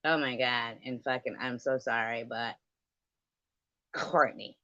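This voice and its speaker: A woman's voice: a bass voice, fairly even intonation, takes it slowly, fairly bright tone, no echo. A woman hosting a casual livestream, rambling and sarcastic in a gossipy, profane rant. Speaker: livestream host. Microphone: livestream setup. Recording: dull lo-fi sound.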